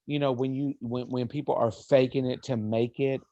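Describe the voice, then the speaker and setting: A man talking loosely with friends late at night, stumbling through his thoughts with many repeats and restarts. His voice sits at an ordinary middle pitch. The sound is muffled and lo-fi. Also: little pitch movement, normal speed, dark tone, dry recording. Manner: rambling, repeats and restarts a lot. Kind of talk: casual late-night chat.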